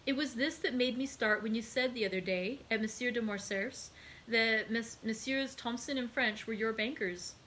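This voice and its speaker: A woman's voice: a little high, normal speed, fairly bright tone, a little hiss or hum, natural voice. A woman reading aloud as an earnest young man who speaks urgently. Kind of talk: read-aloud storytelling.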